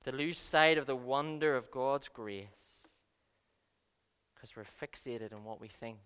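A man preaching a sermon, earnest, swinging between soft and loud passages. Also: medium pitch, clear, resonant tone. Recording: long reverb of a large hall.

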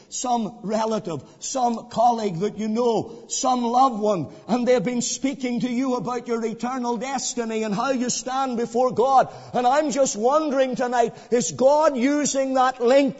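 A male preacher delivering an evangelistic sermon, swinging between hushed pleading and loud ringing emphasis, with repeated questions put to the listener. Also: very high voice. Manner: repetitive rhetorical questions to the listener. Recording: dull sound in a long-reverb hall.

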